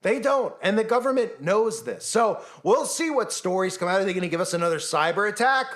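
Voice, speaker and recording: Channel host, male, higher-pitched voice, sarcastic ranting commentary. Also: animated, fairly quick, a bit bright. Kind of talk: conspiracy commentary monologue.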